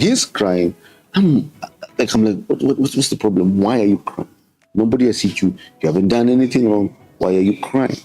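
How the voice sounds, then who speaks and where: A deep, husky-voiced Kenyan man in his thirties talks earnestly as a show host, weaving Swahili into his English. He leans on repetition to press his points. Faint music plays behind him. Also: warm tone, low-quality recording. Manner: switches between English and Swahili; earnest, repeats words for emphasis. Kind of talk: casual reflective talk.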